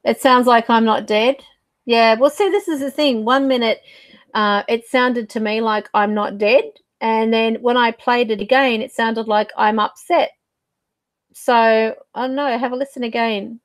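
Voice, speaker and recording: Woman, fairly high voice, dry close sound, rambling casual talk, many fillers, psychic channel host. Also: steady tone, unhurried, no echo. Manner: rambling, searching for words, fillers and laughs. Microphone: desk mic.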